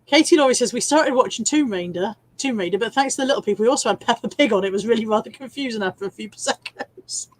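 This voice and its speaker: Cheeky woman, fairly high voice. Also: quick pace, no echo. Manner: chatty, cheeky and swearing, laughs often. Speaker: live stream host reading viewer comments. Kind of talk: casual chat.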